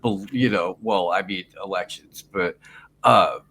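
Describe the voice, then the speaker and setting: A man's voice: low voice, unhurried, a bit bright, a little hiss or hum, rough recording. A man hosting a podcast, talking loosely and profanely in a rambling casual chat. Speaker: podcast host.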